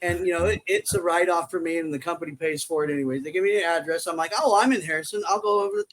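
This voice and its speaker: A middle-aged man chats casually as a podcast guest, spinning long, jokey stories. His voice sits high for a man, and he slips into the voices of the people in his tales. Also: sing-song, fast, fairly bright tone, low-quality recording. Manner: rambling, jokey storyteller who acts out quoted voices. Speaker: podcast guest, construction safety worker. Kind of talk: casual storytelling chat.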